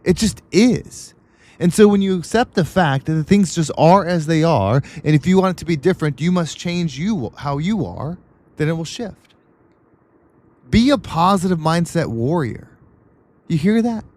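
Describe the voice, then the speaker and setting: Expressive at normal speed, this man's a little high, darkish-toned voice drives an emphatic motivational monologue on his podcast, repeating himself in a pep-talk rhythm.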